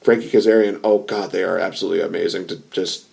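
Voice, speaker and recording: A man's voice: deep voice, fairly even intonation, fast, creaky, a little mellow. A man hosting a podcast, chatting casually, rambling and laughing often. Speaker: podcast host. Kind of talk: casual chat.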